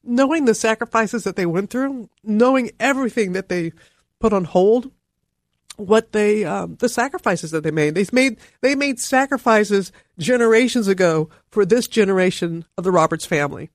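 A middle-aged woman, a guest in a heartfelt conversation, telling her story in an emphatic, animated way. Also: medium pitch, moderate pace, no echo, clean studio sound.

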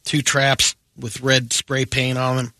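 Deadpan male radio news reader. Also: mid-range voice, takes it slowly, no room sound. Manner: matter-of-fact, deadpan reading. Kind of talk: reading offbeat news stories on air.

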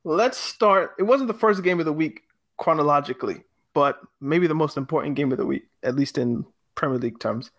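A man hosting a casual football podcast, talking in a lively, jokey way. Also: on the high side, brisk, no echo. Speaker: podcast host.

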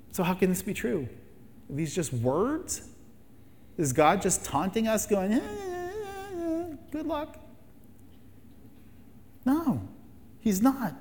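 A man's voice: medium pitch, long reverb tail. A man preaching a sermon as pastor, emphatic and fond of rhetorical questions and repeated phrases.

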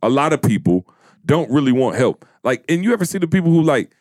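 A blunt, emphatic man talks through a casual podcast chat. His voice sits at an everyday middle pitch. The sound is dry and close, with no room echo. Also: big pitch swings, a little mellow. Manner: blunt, emphatic, says it slow. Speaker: podcast co-host.

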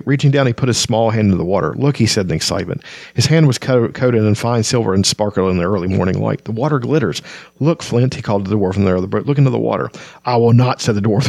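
A man with a creaky, darkish voice on the low side reads from a fantasy novel in a relaxed way, adding commentary. He fumbles over words and summarizes between excerpts, peppering it all with ums and uhs, and there's no echo.

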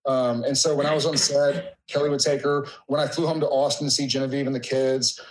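Emotional man telling a halting story. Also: medium pitch, flat delivery, a little hiss or hum, rough recording. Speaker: guest. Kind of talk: casual conversation.

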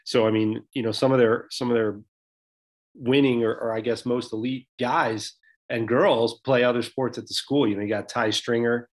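A man's voice: mid-range voice, fairly even intonation, normal speed. Man co-hosting a sports podcast, chatty. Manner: conversational, many fillers and restarts. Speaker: podcast co-host. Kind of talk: casual sports podcast chat.

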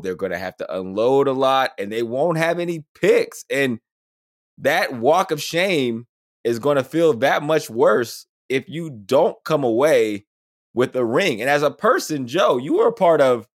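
Upbeat man in his thirties chatting. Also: medium pitch. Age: 30s. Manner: animated, laughs often, quick asides. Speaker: podcast co-host. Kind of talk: casual sports chat.

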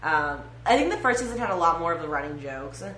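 A woman's voice: low voice, sing-song, fast, a bit bright. A woman co-hosting a casual podcast chat who giggles often and quotes catchphrases. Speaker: podcast co-host. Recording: roomy echo, faint ambient hiss.

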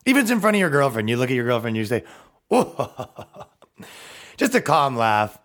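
A man's voice: mid-range voice, very animated, racing, fairly bright tone. A man hosting a comedy podcast, ranting in a profane, mocking way and slipping into silly put-on voices. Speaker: podcast host.

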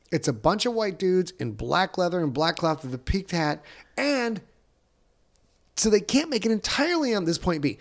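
A man's voice: high voice, creaky. A man co-hosting a casual podcast chat, making emphatic, playful arguments. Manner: playful, emphatic, lively arguing. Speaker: podcast co-host.

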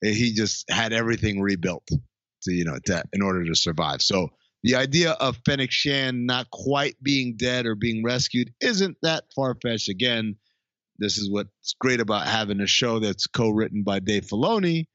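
A man's voice: lowish voice, moderate pace, fairly bright tone, dry recording, muffled recording. A man co-hosting a podcast in a loose, casual chat, swearing freely and laughing often. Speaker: podcast co-host.

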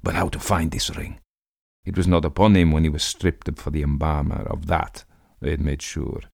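A man's voice: extremely low pitch, level tone, moderate pace, creaky, darkish tone, dry recording, studio quality. A man giving a dramatic reading of a classic tale, voicing the characters theatrically. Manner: theatrical, voices characters with rising intensity. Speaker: audiobook narrator.

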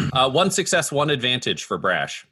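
A man playing in a tabletop game, cutting in with quick teasing remarks and rules checks. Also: medium pitch, very animated, pushed and bright, husky. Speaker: player. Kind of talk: casual tabletop game chat.

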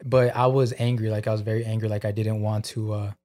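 A man's voice: fairly low pitch, quick pace. A man in his twenties, a podcast co-host, talking casually with lots of fillers. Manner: flat, filler-heavy talk. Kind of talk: casual chat.

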